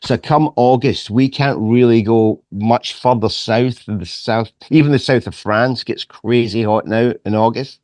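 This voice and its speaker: Man, Scottish accent, softened transatlantic lilt, profane, storytelling, middle-aged, dry sound. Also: medium pitch, a little slow, few pauses, no echo. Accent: Scottish, softened toward transatlantic. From Scotland. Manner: profane, animated storyteller who repeats words. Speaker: guest author. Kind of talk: casual podcast chat.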